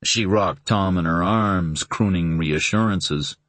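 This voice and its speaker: A man narrating a suspense novel in a steady, dramatic reading. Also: sits low, slow pace, no room sound. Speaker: audiobook narrator. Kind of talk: scripted narration.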